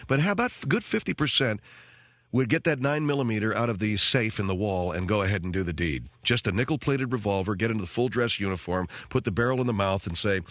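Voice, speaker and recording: A man's voice: lowish voice, animated, fast talker, fairly bright tone, no echo. A man hosting a radio show, ranting in a sarcastic, self-mocking comic monologue from a studio microphone. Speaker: radio talk show host.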